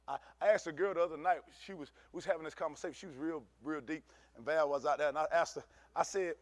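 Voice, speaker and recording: Pastor preaching in church, high-pitched man, animated and chatty, close dry mic. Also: fairly quick, dry recording. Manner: animated preaching, swings from shouting to low asides; conversational, uses African American Vernacular English. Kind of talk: sermon.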